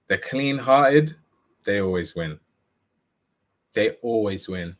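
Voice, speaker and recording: Young male speaker, low-pitched, candid storyteller who stumbles and repeats words. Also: sharp tone. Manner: earnest and candid, repeats and restarts phrases. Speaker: motivational speaker. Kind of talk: personal storytelling talk.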